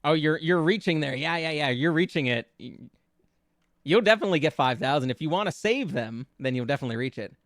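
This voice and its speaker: A male VTuber chats with his viewers in a light, high voice, giggling often and stumbling over restarts as he riffs on ideas. The sound is dry and close, with no room around it. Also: lively intonation, quick pace, fairly bright tone, no room sound. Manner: giggly, playful, riffs with chat on lyrics; stammering restarts while brainstorming. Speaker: VTuber streamer. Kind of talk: casual live-stream chat.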